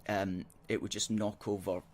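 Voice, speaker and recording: A man hosting a political call-in show, arguing his points in a measured, earnest way and reading out viewer comments on a studio microphone. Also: lowish voice, little pitch movement, a little mellow, a little hiss or hum.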